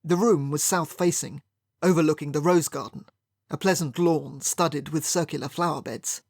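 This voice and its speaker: An audiobook narrator reading a first-person period mystery in a wry, measured storytelling manner. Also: medium pitch, darkish tone, dry recording, studio quality.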